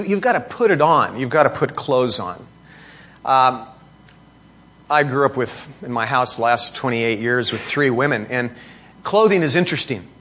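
In this sermon, a middle-aged man serving as pastor reads a scripture passage and interprets it, using rhetorical questions and a rising pitch to drive points home. His tone is a bit bright.

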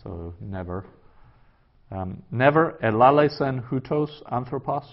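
A man teaching a class, working through a translation aloud in a halting way with many fillers. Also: mid-range voice, lively intonation. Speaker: Greek teacher. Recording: dull lo-fi classroom recording.

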